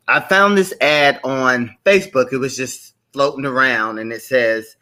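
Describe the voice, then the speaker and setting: A man's voice: medium pitch, sharp tone. A man hosting a live stream show, chatting casually, greeting viewers by name and repeating his welcomes.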